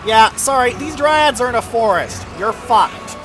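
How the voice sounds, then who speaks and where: A man giving casual, excitable commentary over his own gameplay, swearing freely and breaking into silly sing-song chants. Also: very high voice, measured pace. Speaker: video game let's play host. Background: game music.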